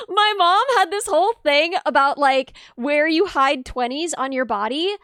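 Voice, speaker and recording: Woman stream host from the Midwest, animated and chatty, dry close mic. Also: high-pitched, dry recording. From American Midwest. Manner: lively, quick to react and laugh. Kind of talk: casual chat.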